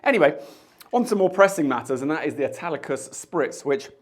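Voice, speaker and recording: A man's voice: fairly high pitch, animated, brisk. Chatty man hosting a cocktail tasting. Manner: chatty, jokey asides. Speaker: bartender host. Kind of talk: casual tasting chat to camera.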